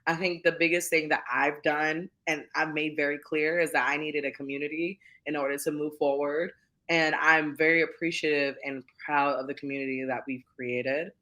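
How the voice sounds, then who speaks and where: A woman's voice: deep voice, steady tone, moderate pace, pushed and bright. A woman TV producer, a guest chatting casually and heartfelt with a friend in an interview. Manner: effusive, heartfelt, calls friend "girl".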